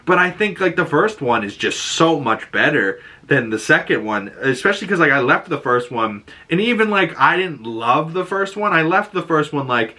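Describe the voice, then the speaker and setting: A man giving a casual, rambling film review, swearing freely, laughing often and breaking into loud exclamations. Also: on the high side, moderate pace, hardly any pauses. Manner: animated, shifts into loud exclamations. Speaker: movie reviewer.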